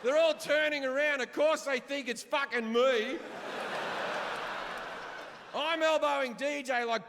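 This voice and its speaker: Bright high-voiced comic guy, swears a lot, yells the punchlines, big echoey theater. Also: a little slow, pauses often, background noise. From Australia. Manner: profane, animated, shouts punchlines. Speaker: stand-up comedian. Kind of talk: stand-up storytelling. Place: large theater stage. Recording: live hall reverb, audience ambience.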